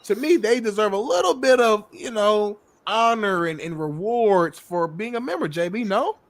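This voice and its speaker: A man's voice: sits high, animated, moderate pace. A man co-hosting a talk show, bantering casually with loose slang and cursing. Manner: joking, profane, loose street slang. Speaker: co-host.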